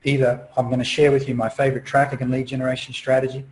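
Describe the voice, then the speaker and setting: A middle-aged man with an ordinary mid-range voice runs a webinar like a friendly sales pitch. He keeps it chatty and persuasive and tosses rhetorical questions at his listeners. He is heard through a computer microphone. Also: completely flat delivery, fast talker, darkish tone, poor audio. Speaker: marketing coach hosting a webinar.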